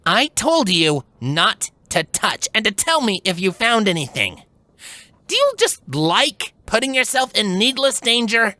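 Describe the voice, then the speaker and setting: A man's voice: sits high, sing-song, a little slow, pushed and bright, no room sound, voice pushed up, heavily acted. A man voicing a sarcastic, tomboyish young female pegasus, with a cold, scolding manner.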